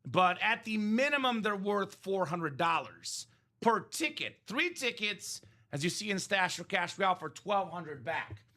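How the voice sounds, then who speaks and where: A man's voice: sits high, big pitch swings, unhurried, pushed and bright. A man hosting a live sports memorabilia break, chatting energetically and rambling through values and asides. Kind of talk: live-stream sales chat.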